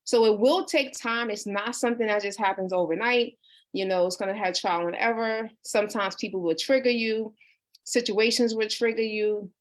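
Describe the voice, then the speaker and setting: A woman's voice: mid-range voice, normal speed. A woman in her thirties, a life coach, talking casually and earnestly on a livestream, reading out viewer comments. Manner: earnest and personal, with many restarts and "you know". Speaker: life coach hosting a book discussion.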